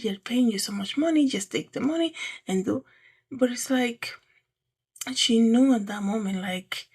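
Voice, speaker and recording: A woman talks casually about faith as a host, in a rambling, conversational way. Her voice sits a little high, with a gravelly edge and a husky, breathy texture. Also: darkish tone. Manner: chatty, rambling, frequent "right?" and "you know". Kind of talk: casual faith talk to camera.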